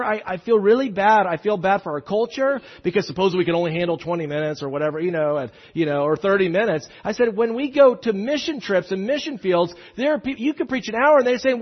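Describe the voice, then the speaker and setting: A man preaching a sermon as a pastor, telling stories with many restarts and shifting between loud and hushed delivery. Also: high voice, dull audio.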